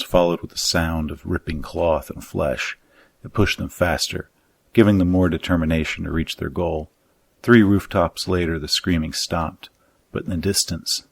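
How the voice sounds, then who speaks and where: A man reading his own dark fantasy story aloud in a measured, even audiobook narration. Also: low-pitched, vocal fry, breathy edge, no echo.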